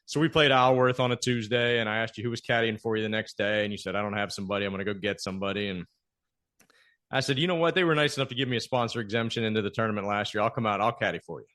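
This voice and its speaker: A man's voice: fairly low pitch, racing, a bit bright. A man hosting a podcast, telling a story in a casual chat and acting out the quoted lines. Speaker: podcast host.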